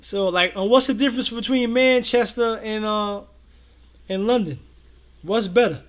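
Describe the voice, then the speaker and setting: A high-voiced man chats easily with his viewers, full of slang and strings of yeah, yeah. His talk is loose and relaxed, the style of a casual livestream co-host. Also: moderate pace. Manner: laid-back, slangy, many repeated fillers. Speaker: co-host of a reaction show.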